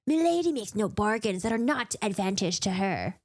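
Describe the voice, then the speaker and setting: A woman's voice: mid-range voice, very animated, moderate pace. A woman voicing a sassy, loyal little bat-like fae servant. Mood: indignant.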